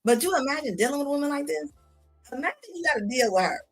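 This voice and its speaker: A woman streamer offers casual reaction commentary, blunt and mocking and laughing often. Her voice sits high and comes out animated and rapid-fire, with faint music behind.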